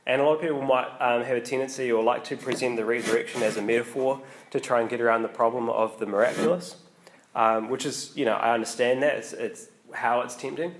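A man giving a casual, conversational sermon, often pausing with ums and restarting his sentences. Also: mid-range voice, steady tone, a little hiss or hum. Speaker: preacher.

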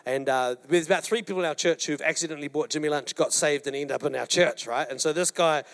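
A male pastor preaching a sermon, telling a personal story with lively acted-out quotes to his congregation. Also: on the high side, quick pace, creaky. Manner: animated storyteller, acts out quotes, addresses congregation. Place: church hall.

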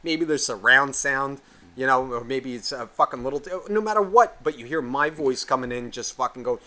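A man co-hosting a podcast, telling a gaming story in animated, profanity-heavy casual chat. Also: medium pitch, a little fast. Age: adult, past eighteen. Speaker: podcast co-host.

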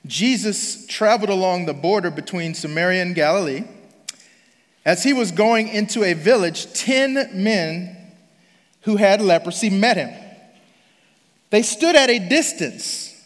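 A man's voice: sits high, big-room sound. A man preaching a sermon as pastor in a conversational, emphatic way, often restarting his phrases.

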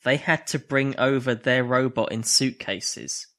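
A man's voice: mid-range voice, unhurried, pushed and bright. Laid-back man reading out robot stats. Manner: laughs often, reads out robot facts. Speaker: podcast co-host. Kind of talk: casual chat about robot combat.

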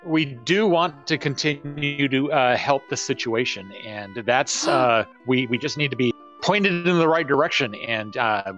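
A man's voice: mid-range voice, unhurried, fairly bright tone, highs cut off, soft background music. A man playing his character in a tabletop game, hesitant with many fillers. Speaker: player.

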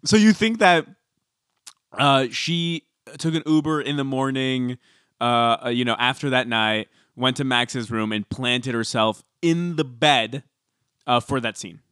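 Podcast co-host, man, mid pitch, dead-dry recording, sardonic conversational delivery. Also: unhurried, fairly bright tone, smooth, no room sound. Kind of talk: casual reality-TV recap chat.

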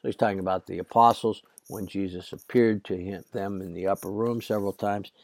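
A man with a hoarse, cracking voice teaching a Latin lesson, translating slowly and haltingly with many fillers. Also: low-pitched, fairly even intonation, a little mellow. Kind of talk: slow classroom Latin lesson.

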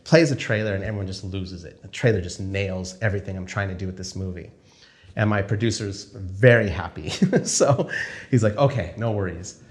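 A male film director telling a story casually, acting out the conversations he quotes. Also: deep voice. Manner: animated, acts out dialogue in quick quoted exchanges.

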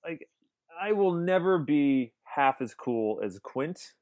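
A man's voice: fairly high pitch, animated, takes it slowly, a little mellow, highs cut off. Enthusiastic man talking about movies. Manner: enthusiastic, rambling with restarts. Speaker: podcast co-host. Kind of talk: casual film discussion.

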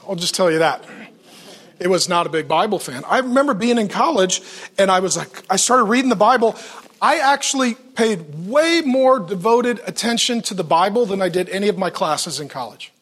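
A middle-aged man preaching as a pastor, telling stories with acted-out dialogue. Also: extremely high pitch. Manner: animated storytelling with acted-out dialogue. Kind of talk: sermon.

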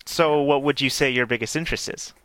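A man hosting a podcast in a bright, sharp voice with a dry, close sound. He asks his questions plainly and backs his guest up with short, encouraging remarks. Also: medium pitch, brisk, dry recording. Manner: encouraging, short affirming interjections. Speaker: podcast host. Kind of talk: casual podcast interview.

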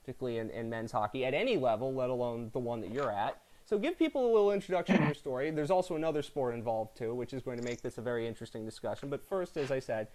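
A man's voice: mid-range voice, rapid-fire, few pauses, a little mellow. A male podcast host who talks in a casual, easygoing way. His humor is dry and teasing, and he often needles his guest about sports and local pride. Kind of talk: casual interview chat.

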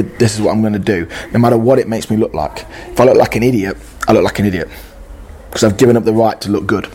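A man's voice: on the low side, darkish tone, a little hiss or hum. A man preaching an informal sermon, earnest and conversational, reading scripture and acting out inner dialogue.

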